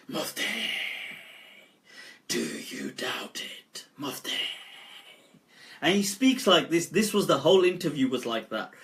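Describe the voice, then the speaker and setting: A man, an Islamic scholar, giving an animated live-stream talk and telling stories with frequent laughs. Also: a little high. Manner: animated storyteller, laughs often.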